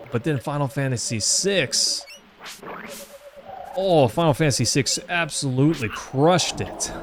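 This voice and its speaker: In a gaming live stream of a retro title, a man with a Southern US accent and a mid-range voice chats loosely with viewers, rambling and filling gaps with fillers. A faint hiss or hum sits under the recording.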